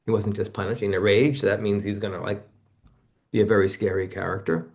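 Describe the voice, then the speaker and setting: Recounting his own experiences as an interview guest, a man in his seventies tells stories reflectively and conversationally, mimicking remembered voices with abrupt pitch jumps. His gravelly, darkish voice has a flat delivery and a slightly fast pace.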